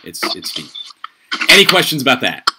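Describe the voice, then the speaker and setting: A man's voice: mid-range voice, big pitch swings. A man tutoring students for the SAT over a video call, coaching them through answers in an upbeat, chatty way. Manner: upbeat, coaching, quick asides and laughs. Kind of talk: online tutoring session. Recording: noisy online call audio.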